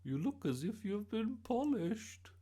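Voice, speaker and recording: A man's voice: sits high, big pitch swings, unhurried, mellow, slightly rough, pitched above the performer's own voice, exaggerated voice. A man voicing a prim old grandmother in a storybook, correcting and proper.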